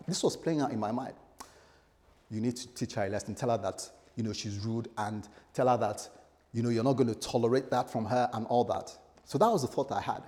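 A man's voice: medium pitch, brisk, a little mellow. A male pastor delivering a sermon, telling stories animatedly and acting out the voices he quotes. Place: church hall. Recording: long hall reverb.

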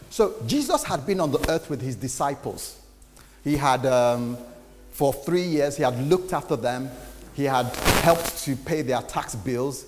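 A man's voice: medium pitch, lively intonation, normal speed. A man, a pastor, preaching a sermon in a conversational way and acting out quotes. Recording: reverberant hall with faint noise.

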